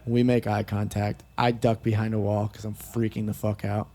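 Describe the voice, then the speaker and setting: A man's voice: fairly low pitch, little pitch movement, moderate pace, dark tone. A young man talking candidly on a podcast, swearing often and filling his speech with "like". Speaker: podcast guest. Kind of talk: casual podcast chat.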